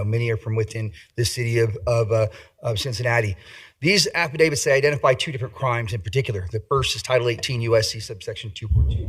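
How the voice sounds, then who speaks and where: Man from D.C., litigator; rapid, husky, forceful legal delivery. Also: medium pitch, low-quality recording. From Washington, D.C. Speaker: civil rights litigator giving public comment. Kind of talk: prepared public comment.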